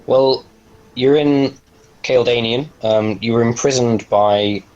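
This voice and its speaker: A man's voice: medium pitch, takes it slowly, darkish tone, lo-fi sound. A man playing a tabletop game in character, speaking politely and hesitantly with many fillers. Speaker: player.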